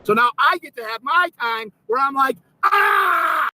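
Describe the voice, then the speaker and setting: High-pitched, indignant man on a swearing rant. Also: moderate pace, pushed and bright, slight background noise, low-quality recording. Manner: swears constantly, repeats himself, indignant. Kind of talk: angry livestream rant.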